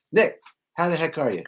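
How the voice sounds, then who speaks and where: A man hosting a live post-show discussion, greeting viewers by name in a loose, chatty way with lots of fillers. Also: on the high side. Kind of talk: casual live-stream chat.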